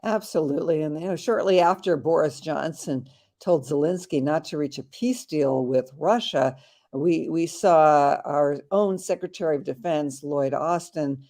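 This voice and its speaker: A woman's voice: low voice, a little slow, mellow. A woman in her seventies, a guest on the show, arguing earnestly and asking rhetorical questions in conversation. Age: 70s. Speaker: activist guest. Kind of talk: conversational interview.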